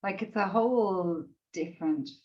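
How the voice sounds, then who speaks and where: A woman's voice: mid-range voice, moderate pace, muffled recording. A woman in a group coaching call, sharing emotionally and rambling with lots of "like" and the odd swear word, near tears. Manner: gushing, rambling, heavy on "like", swears. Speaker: participant in a group coaching session.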